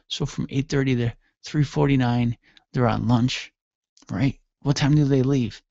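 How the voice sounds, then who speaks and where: A man's voice: medium pitch, steady tone, measured pace, creaky, warm tone, dry recording. A man hosting a radio show, telling a comic story in a playful, mock-dramatic way, on a dull, dry recording.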